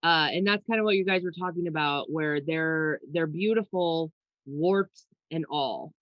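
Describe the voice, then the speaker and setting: A young woman co-hosts a podcast, chatting casually about astrology in a low, unhurried voice, laid-back and swearing and laughing freely. The audio is dull and has no echo.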